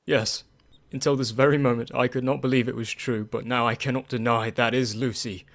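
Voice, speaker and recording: An actor playing an earnest young gentleman in a radio play, anxious and grieving. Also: medium pitch, little pitch movement, a little fast, dry recording, natural voice.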